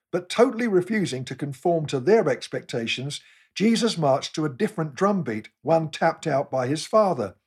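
A man's voice: on the high side, slightly rough. A man with an English accent giving a sermon, telling humorous self-deprecating stories in a wry, scripted way. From England. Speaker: preacher.

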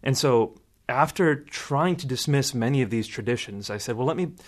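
A man, a guest in an interview, explaining in a measured way and quoting sources at length. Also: mid-range voice, lively intonation. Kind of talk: interview answer.

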